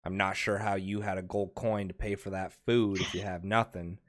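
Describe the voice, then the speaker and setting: A man voicing a weary, stern but kind woman innkeeper in a tabletop game, speaking in a tired, halting way. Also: sits low, steady tone, no echo, close to an everyday voice.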